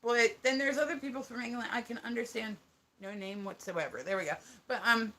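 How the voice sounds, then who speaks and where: A woman's voice: a little high, brisk, bright, forceful tone. A woman with a New Jersey accent chatting casually on a livestream, rambling, laughing often and swearing casually. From United States. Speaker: live streamer. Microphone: phone.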